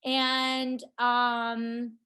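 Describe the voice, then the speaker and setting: A woman co-hosting a casual podcast, summing things up bluntly and dryly. Her voice is slightly higher than average. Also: monotone, drawn-out words, bright, forceful tone. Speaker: podcast co-host. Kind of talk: casual chat recapping reality TV.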